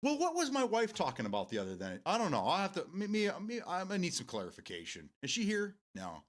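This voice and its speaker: Lively, rambling American guy. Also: sits high, fast talker. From United States. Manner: rambling, laughs often. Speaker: live-stream host. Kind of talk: casual chat with viewers.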